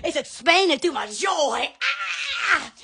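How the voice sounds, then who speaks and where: A woman's voice: very high voice, huge pitch swings, takes it slowly, heavy background noise. A woman hosting an Instagram live from home on her phone, chatting in a rambling, giggly, exclamatory way. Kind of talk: rambling live-stream chat.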